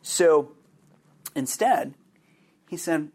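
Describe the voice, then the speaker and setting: Unhurried man telling a personal story. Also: fairly high pitch, a little mellow, slightly rough. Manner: halting, with frequent fillers and restarts. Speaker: podcast host.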